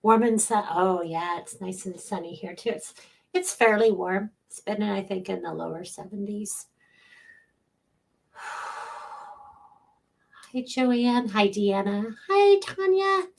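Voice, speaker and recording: A woman's voice: medium pitch, fairly even intonation, unhurried, creaky, husky. A middle-aged woman hosting a casual livestream as a psychic medium, chatting from home, greeting viewers by name and laughing often.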